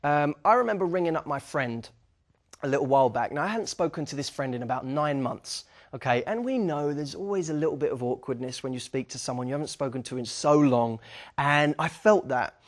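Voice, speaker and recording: Young guy, slightly high voice, upbeat dating coach talk, acts out little chats. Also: a little fast. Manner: energetic, acts out sample dialogue, frequent "okay?" check-ins. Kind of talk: instructional talk to camera.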